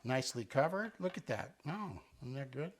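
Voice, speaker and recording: A man's voice: medium pitch, big pitch swings, moderate pace. A man hosting a cooking show, chatting playfully and teaching Italian words as he cooks in a kitchen. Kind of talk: casual cooking demonstration. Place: kitchen with island and stovetop.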